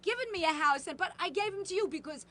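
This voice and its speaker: A middle-aged woman co-hosting a casual podcast chat, telling animated stories, swearing freely and acting out quotes loudly. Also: extremely high pitch, fast talker. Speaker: podcast co-host. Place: home.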